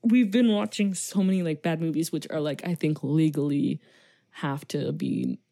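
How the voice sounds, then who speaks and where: A woman's voice: sits low, fairly even intonation, normal speed, mellow, dry recording, studio quality. A woman co-hosting a casual movie-review podcast, giggling often and joking sarcastically. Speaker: podcast co-host.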